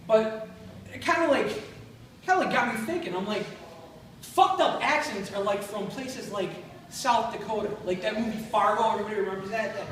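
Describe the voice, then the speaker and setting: A man's voice: sits high, fairly quick, fairly bright tone. Echoey stand-up man from Buffalo. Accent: Western New York. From Buffalo, New York. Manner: self-deprecating, blunt, crude punchlines. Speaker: stand-up comedian. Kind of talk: stand-up set. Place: comedy club stage. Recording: very echoey room from far off, faint noise.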